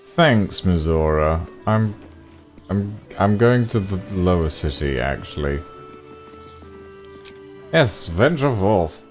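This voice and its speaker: Wry, halting game streamer man. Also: low-pitched, expressive, faint music behind. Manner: hesitant, restarting, wry. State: has the hiccups. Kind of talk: casual let's-play chat.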